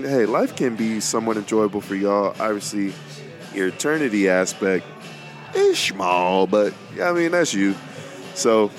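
A young man talking casually about faith and his life as a podcast host, rambling and repeating words, with plenty of informal slang. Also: mid-range voice. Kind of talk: casual faith-based monologue.

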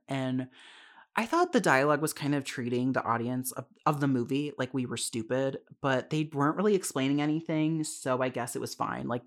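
A young adult podcast host giving a casual solo film review, chatty and candid, swearing freely and laughing often. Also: medium pitch. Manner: chatty with frequent fillers and asides.

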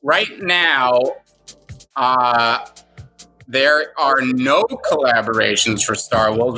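A man's voice: medium pitch, bright, forceful tone, low-quality recording. A man co-hosting a casual online morning show, joking and riffing on slang. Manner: jokey, riffs with mock accents. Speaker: show co-host. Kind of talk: casual podcast chat.

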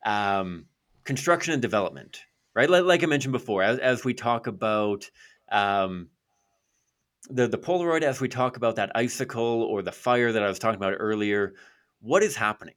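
A man's voice: on the low side, animated, moderate pace, a bit bright. A man co-hosting a podcast from his office, explaining a point casually with everyday examples. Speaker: pro-life podcast co-host. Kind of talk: casual discussion. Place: office in Calgary.

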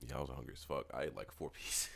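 Deep-voiced, laughing podcast co-host man. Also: steady tone, fast, gravelly, heavy background noise. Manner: laughs often, profane, eggs his co-host on. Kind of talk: casual chat.

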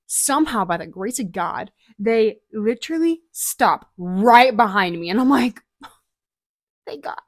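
A young woman co-hosting a podcast, telling a story in a lively way and acting out the voices in her tale. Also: medium pitch, a little slow, few pauses, no room sound, clean studio sound. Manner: animated storytelling with shrieking acted-out quotes. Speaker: podcast co-host. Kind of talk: casual chat.

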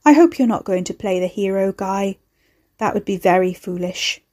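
Cold, menacing, disapproving voice on a line, read by a woman narrator, mellow. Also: medium pitch, moderate pace, close to an everyday voice. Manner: disapproving, cool.

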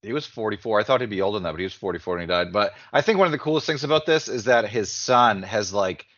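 A man's voice: on the low side, animated, fast, fairly bright tone, no echo, dull audio. A man co-hosting a podcast, chatting in a laid-back way. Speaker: podcast co-host. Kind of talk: casual chat.

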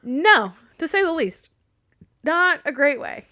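Blunt, animated woman wrestling podcaster. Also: high voice, slow pace, no echo, studio quality. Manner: animated, blunt, swears freely, acts out quotes. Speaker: podcast co-host. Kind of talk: casual wrestling recap chat.

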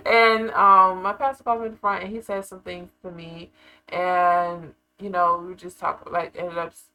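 A woman's voice: lowish voice, flat delivery, a little slow, sharp tone, clear, resonant tone, low-quality recording. A young woman telling a personal story to her viewers in casual, slangy chat, full of "like" and asides. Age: young adult. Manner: slangy and confiding, full of filler "like". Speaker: vlogger.

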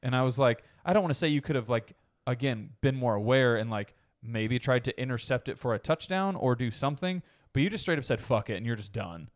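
Man, sports podcast co-host, animated, swears a lot, casual banter. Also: medium pitch, brisk.

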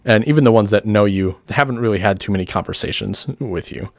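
Low-voiced man running a tabletop game. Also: fast talker, gravelly, no echo. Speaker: game master.

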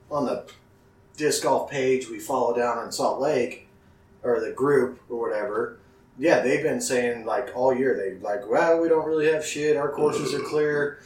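Joking podcast host in a roomy space. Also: male voice, medium pitch, a little mellow. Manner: joking, swearing, mock newscaster bits. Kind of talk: casual chat. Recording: roomy, distant mic, faint noise.

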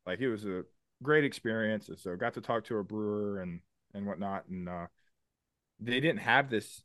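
A man with a fairly low voice talks in a casual podcast chat. He explains things eagerly and in detail and swears now and then. His voice sounds dry and close, with no room around it. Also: a bit bright, no room sound. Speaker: podcast co-host.

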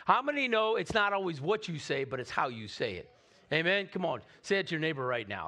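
A male pastor with a high voice preaches energetically to his church. He keeps calling on the congregation to answer back and join in. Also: a little fast. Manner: energetic, calls on the congregation to respond. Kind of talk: Christmas Eve sermon. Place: church sanctuary.

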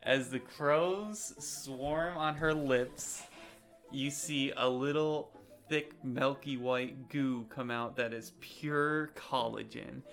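A man's voice: mid-range voice, takes it slowly, a bit bright, faint music behind. Casual male game master. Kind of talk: narrating a tabletop game.

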